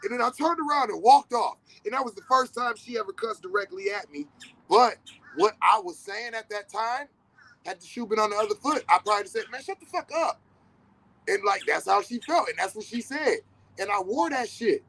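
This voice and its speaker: A middle-aged man hosts a podcast in a high, slightly quick, gravelly voice, and the audio quality is poor. His casual monologue is blunt and profane, full of repetition to drive points home. He tells stories with animation, acting out quoted dialogue.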